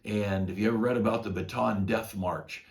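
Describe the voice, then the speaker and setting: A man's voice: fairly low pitch, fairly even intonation, moderate pace, gravelly. An older man, a pastor, retelling a Bible story in a folksy, conversational devotional talk.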